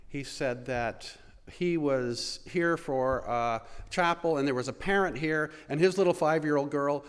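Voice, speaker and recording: A man leading a school chapel service, talking to the congregation in a relaxed, halting way. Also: a little high, smooth. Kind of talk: casual address to a congregation. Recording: reverberant chapel.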